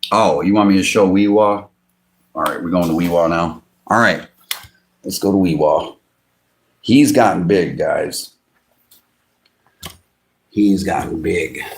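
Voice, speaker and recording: Excitable slow-talking man with a low voice. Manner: excitable, coos at his pet fish in sudden high bursts; chuckles often between remarks. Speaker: fishing channel host. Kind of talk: casual livestream chat.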